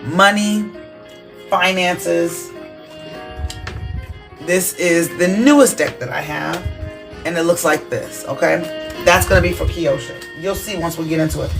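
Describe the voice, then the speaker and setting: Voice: mid-range voice, a little slow, creaky, pauses often, music in the background. Chatty tarot reader live-streaming readings. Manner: casual, chatty, checks in with "okay?" often.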